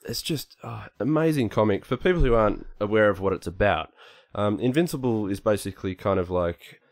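A man co-hosting a podcast, explaining things casually in a halting way with many fillers. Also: fairly low pitch. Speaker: podcast co-host, artist.

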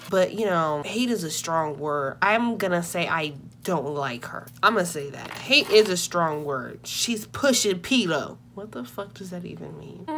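A woman's voice: mid-range voice, fairly bright tone, a little hiss or hum. A tired young woman telling a personal story on her vlog, casual and full of profanity. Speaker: YouTuber.

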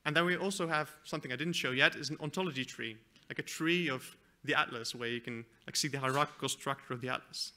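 A man presents at an academic conference. His voice is very bright and sharp. He explains a live demo at an even pitch, with the odd "uh" and restart. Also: quick pace, hardly any pauses. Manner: explains a live software demo, with fillers and self-corrections. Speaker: conference speaker. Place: conference hall.

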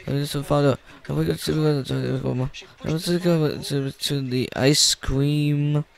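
Halting man retelling a storybook. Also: fairly high pitch, steady tone, gravelly. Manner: halting, with many repeated words. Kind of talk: retelling a picture book story.

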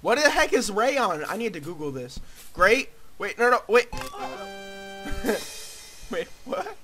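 A young man giving goofy, excitable let's play commentary, often shouting. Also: high-pitched, slow pace, soft background music. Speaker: gaming video host.

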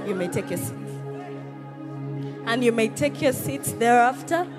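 Her voice sits on the high side, animated yet unhurried, as she leads a church service and stirs the live congregation with calls and responses. Music plays in the background, along with crowd noise.

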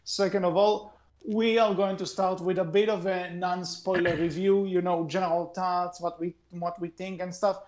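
A man's voice: high-pitched, level tone, normal speed, darkish tone, slight background noise. A man co-hosting a casual podcast, chatting in a rambling, hedging way as he shares his thoughts. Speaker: podcast co-host.

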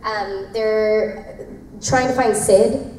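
A woman's voice: medium pitch, fairly even intonation, drawn-out words, a little mellow. A young woman voice actress at a convention panel, answering fan questions in a bubbly, rambling way with lots of fillers and laughter. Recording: echoey convention room, distant, faint noise.

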